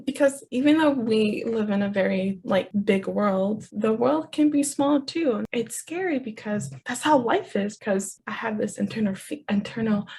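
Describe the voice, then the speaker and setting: A young woman hosting a podcast, telling a personal story in a halting, confessional way with many restarts. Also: medium pitch, gravelly, darkish tone, breathy edge, low-quality recording. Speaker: podcast host sharing her story.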